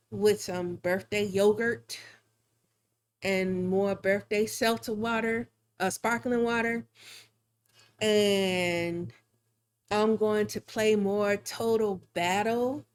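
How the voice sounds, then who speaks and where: A woman streaming live while drawing, chatting casually in a rambling, chatty way with frequent laughs. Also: mid-range voice. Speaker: live-streaming digital artist.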